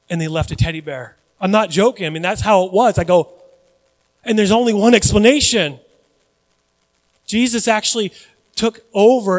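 A man's voice: high-pitched, big-room sound. A man preaching a sermon in church, conversational with dramatic rises and personal asides. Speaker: pastor.

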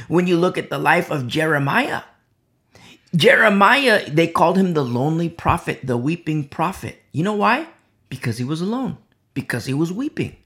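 A man's voice: on the high side, a bit bright. A man preaching a sermon, emphatic and repetitive, asking rhetorical questions.

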